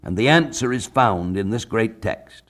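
A man from the United States preaching a sermon on a Bible passage, measured, slowing down to read scripture aloud. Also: fairly low pitch, expressive, a bit bright. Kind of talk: radio sermon, Bible exposition.

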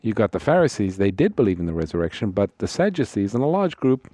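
A man, a pastor co-hosting a call-in Bible radio show, briskly welcoming callers and adding scripture context. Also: on the low side, very animated, warm tone, dry recording.

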